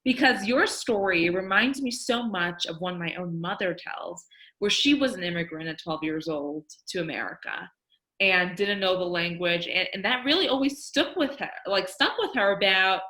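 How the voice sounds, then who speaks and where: A woman's voice: mid-range voice, lively intonation, moderate pace, pushed and bright. A woman hosting a podcast interview, talking effusively and enthusiastically, gushing with praise for her guest. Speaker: podcast host. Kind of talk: casual interview conversation. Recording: roomy echoey sound.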